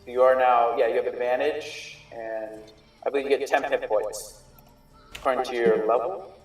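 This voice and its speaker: A man running a tabletop game as game master, narrating in a halting way with fillers and restarts. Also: medium pitch, steady tone. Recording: echoey room, distant mic, faint music.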